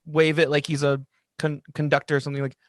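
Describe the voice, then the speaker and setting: A young man co-hosting a podcast, talking in an excited, rambling way and telling stories. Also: a little high, quick pace, no echo, clean studio sound. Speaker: podcast co-host. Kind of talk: casual chat. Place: lives in Los Angeles.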